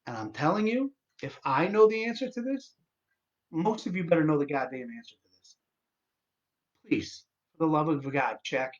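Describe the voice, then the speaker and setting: A man's voice: a little high, expressive, moderate pace, muffled recording. A man hosting his own live stream, sick and tired, ranting with exasperation and lots of swearing and false starts. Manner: exasperated, profane ranting with many restarts.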